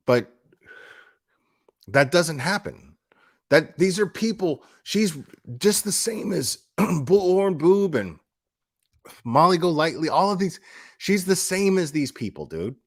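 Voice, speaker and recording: A man's voice: a little high, expressive, slow, pauses often, no echo, clean studio sound. A young adult man ranting on a casual live stream, blunt and profane, often restarting his words. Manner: blunt, profane, heated and mocking. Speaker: YouTube commentary streamer.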